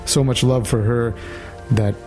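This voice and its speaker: A man's voice: medium pitch, fairly even intonation, a little slow, over music. A man co-hosting a podcast in casual chat, laughing often and rambling with restarts. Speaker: podcast co-host.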